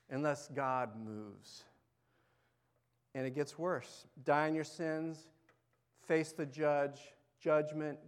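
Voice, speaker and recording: Man preaching, sermon, higher voice, slow and deliberate, conversational, loud then hushed. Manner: conversational, asks the congregation questions. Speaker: pastor.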